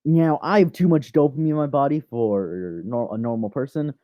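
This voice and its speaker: A man's voice: medium pitch, normal speed, no room sound, muffled recording. A man rambling through a casual fan story, chatty and often correcting himself.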